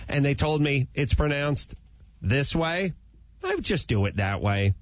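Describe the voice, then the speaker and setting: A male radio host telling comic stories in an animated way, slipping into voices. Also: fairly high pitch, a little slow, highs cut off. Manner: animated storyteller who slips into voices. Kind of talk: comedic radio talk.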